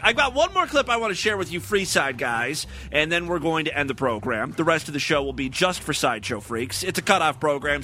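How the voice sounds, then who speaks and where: A male host talks in a high, bouncy voice that swings all over the place. He keeps up a crude, sarcastic running commentary on clips. His tone is bright and edgy, with faint music underneath. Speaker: podcast host. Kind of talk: comedic talk show commentary.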